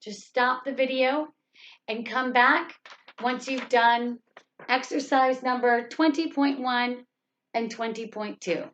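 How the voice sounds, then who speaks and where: A woman's voice: fairly high pitch, fairly even intonation, takes it slowly, fairly bright tone, slight background noise. A woman teaching an English grammar lesson, speaking patiently and leaning hard on the words she wants stressed. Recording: dull lo-fi sound.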